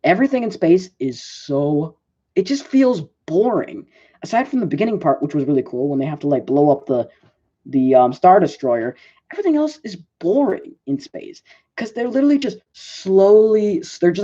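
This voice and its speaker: A man's voice: high voice, animated, moderate pace, warm tone. A man giving a casual movie review, rambling with lots of "like" and fillers and often correcting himself, on a dull lo-fi recording. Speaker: film reviewer.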